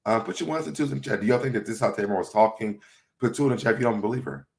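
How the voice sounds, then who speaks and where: A man's voice: mid-range voice, rapid-fire, vocal fry. A man hosting a casual livestream, chatty and laughing often as he reads viewer comments aloud. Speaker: livestream host.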